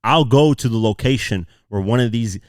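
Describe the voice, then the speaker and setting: A man's voice: mid-range voice, normal speed, no room sound, clean studio sound. A man hosting a podcast, talking casually as he breaks down lyrics line by line with frequent fillers. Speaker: podcast host.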